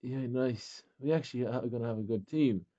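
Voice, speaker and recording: A man's voice: mid-range voice, brisk, warm tone. Bossy accented man barking orders in voice chat. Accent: non-native English. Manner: bossy, impatient, swearing. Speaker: clan leader organizing a training match. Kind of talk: casual gaming voice chat. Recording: dull lo-fi game voice chat.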